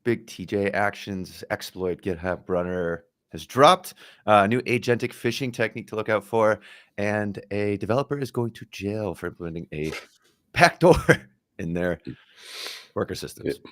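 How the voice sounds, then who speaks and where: Low-voiced guy hosting a tech podcast, chatty, laughs a lot, dry close sound. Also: normal speed, fairly bright tone, no room sound. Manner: upbeat, laughs often. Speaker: podcast co-host. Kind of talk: casual tech chat.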